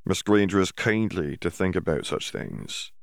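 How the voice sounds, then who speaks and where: A man's voice: low voice, moderate pace, dry recording, studio quality. A man voicing a humble, earnest male house elf who speaks of himself in the third person with odd grammar.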